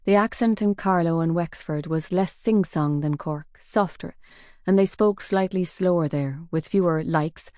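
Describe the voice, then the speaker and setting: Reading a crime novel aloud from the script, this woman narrates at an even, measured pace. Her voice is lowish. The sound is studio quality with no echo.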